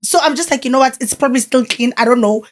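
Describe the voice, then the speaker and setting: A young woman with a high voice tells a story on a podcast. She acts out each person's lines as she goes, in a casual, chatty way. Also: fast talker. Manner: animated storytelling, acting out quoted voices. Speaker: podcast co-host. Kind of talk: casual chat.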